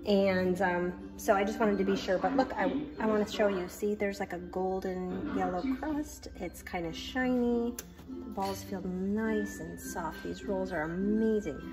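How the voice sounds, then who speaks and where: A woman's voice: medium pitch, steady tone, unhurried, music in the background. A woman talking through her baking in a chatty, gushing kitchen vlog. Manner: chatty and gushing, with many fillers. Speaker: home cooking vlogger.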